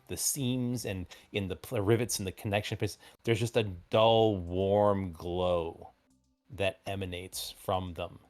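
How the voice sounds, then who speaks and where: A man narrating a tabletop role-playing game as game master, describing scenes in a halting, rambling way with many fillers. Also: sits low, a little mellow.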